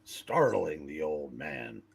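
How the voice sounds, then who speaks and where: A man's voice: very deep voice, sing-song, slow pace, creaky, breathy edge. A man reading a comic book aloud as the narrator, in a storybook manner, sometimes making jokey asides. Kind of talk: scripted narration, read aloud.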